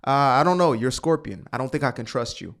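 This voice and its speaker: A man's voice: mid-range voice, animated, quick pace, vocal fry, fairly bright tone. A man voicing a male frog from a fable who hesitates and doubts. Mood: doubtful.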